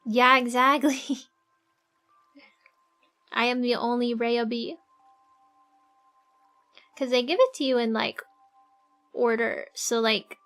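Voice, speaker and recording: A high-pitched woman talking casually to her stream chat, quick to laugh and prone to rambling as she works. Her tone stays easygoing and chatty, and soft music plays faintly behind her. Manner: chatty, giggly, thinks aloud while drawing. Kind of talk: casual livestream chat with viewers.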